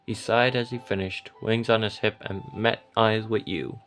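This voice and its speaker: A man giving soft, gentle and unhurried second-person story narration. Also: on the low side, fairly even intonation, faint music behind.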